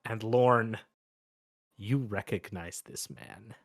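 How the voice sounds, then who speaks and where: A man narrating a tabletop game as game master, casual and halting. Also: on the low side, fairly even intonation, dry recording, studio quality. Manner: casual, halting, lots of restarts.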